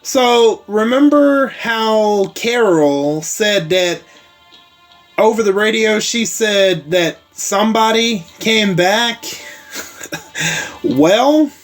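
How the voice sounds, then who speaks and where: A man with a fairly high voice hosts a laid-back spoken episode recap. He takes his time, leaning on "like" and "uh" as he rambles through the story. Faint music plays underneath. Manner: rambling, heavy on fillers like "like" and "uh", with casual swearing.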